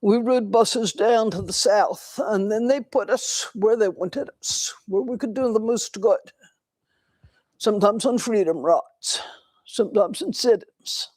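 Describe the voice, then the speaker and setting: An older woman giving a dharma talk in a temple, telling a personal story in a slow, reflective way with pauses. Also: mid-range voice, darkish tone, dry recording. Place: temple hall.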